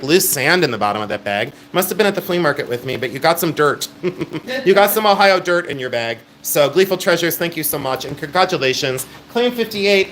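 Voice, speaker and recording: A man's voice: a little high, a bit bright, slight background noise. Middle-aged guy running a live jewelry sale, chatty and emphatic, hyping every piece. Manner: chatty, emphatic salesman patter. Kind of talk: live-stream jewelry auction.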